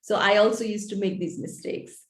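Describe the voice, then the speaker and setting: A woman's voice: mid-range voice, fairly even intonation, normal speed. Woman, author guest, earnest, thoughtful, echoey room. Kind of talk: interview, explaining.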